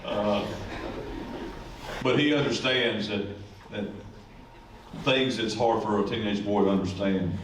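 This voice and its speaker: Folksy coach, echoey and distant. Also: male voice, on the low side, fairly even intonation, unhurried, pauses often. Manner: rambling, folksy, joking. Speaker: high school football coach. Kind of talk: ceremony speech. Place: school event room. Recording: echoey room, distant mic, faint noise.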